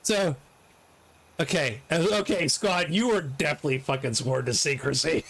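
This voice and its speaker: A middle-aged man giving live commentary on his gameplay, excitable, swearing and laughing often. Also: on the high side, moderate pace, gravelly, a little hiss or hum. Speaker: game streamer.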